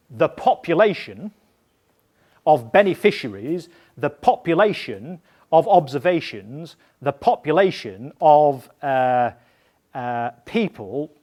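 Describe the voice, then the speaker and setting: A man teaching in a lecture style, going slowly, restating points and checking understanding with a questioning "yeah?". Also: a little high, darkish tone. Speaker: evaluation trainer.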